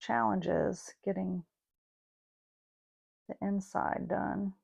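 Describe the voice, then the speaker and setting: A woman's voice: medium pitch, fairly even intonation, slow pace, creaky, darkish tone, husky. A woman hosting a casual online card-making class, chatting as she works. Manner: chatty, thinks aloud while working. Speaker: craft class host. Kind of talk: casual craft demonstration.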